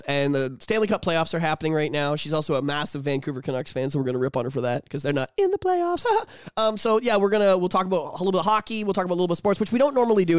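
A young man from Canada co-hosting a casual podcast chat, animated and swearing freely as he tells stories. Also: high-pitched, no room sound, studio quality. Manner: animated, swearing, acts out drunk voices. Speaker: podcast co-host.

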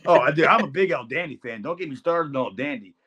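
Rambling higher-voiced podcast man. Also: expressive, fast talker, sharp tone, slightly rough, dull audio. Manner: rambling, fills with "dude" and "like". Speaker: podcast co-host. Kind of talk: casual podcast chat.

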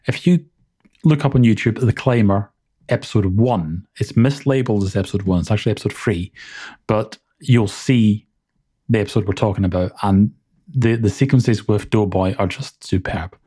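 A man co-hosting a podcast in casual chat, enthusiastic and quick to laugh, often restarting his sentences. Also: on the low side, mellow, husky. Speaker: podcast co-host.

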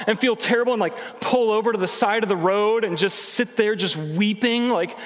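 A man preaching a sermon to a congregation, conversational and animated, acting out inner voices. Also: sits high, normal speed, in a large hall. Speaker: pastor.

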